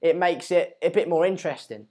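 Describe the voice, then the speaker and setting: Reading viewer comments while hosting a casual live football watchalong, a man rambles and repeats himself a lot. His slightly high voice is brisk, with a dark tone.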